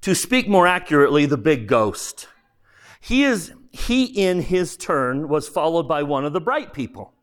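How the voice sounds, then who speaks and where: An earnest male preacher talks to his congregation in a warm, conversational way. His voice sits a little high and moves with lively swings of pitch. He takes his time between phrases. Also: a little slow. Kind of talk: sermon with book reading.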